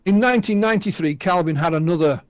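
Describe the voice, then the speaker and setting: A man's voice: sits high, fast talker, no echo. A man in his sixties from the north of England, with a Northern English accent, chatting as a guest and retelling witness stories with asides. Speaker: guest UFO researcher. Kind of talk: casual radio interview storytelling.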